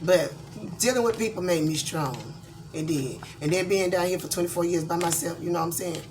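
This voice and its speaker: Blunt woman with a lowish voice. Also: a little fast, over music. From Georgia, USA. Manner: blunt, candid, rambling with many fillers. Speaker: tarot reader. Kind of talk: casual vlog monologue.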